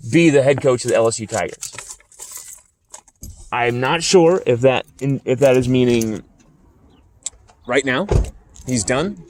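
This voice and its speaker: A man with a middle-pitched voice hosts an opinionated sports commentary. He talks bluntly and heatedly, with casual profanity, and keeps repeating his points to drive them home. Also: slight background noise.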